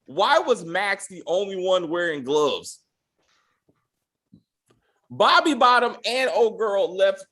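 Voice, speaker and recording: A man's voice: high voice, fairly bright tone. A young man co-hosting a casual recap chat, ranting with profanity and acting out mock quotes. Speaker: podcast co-host.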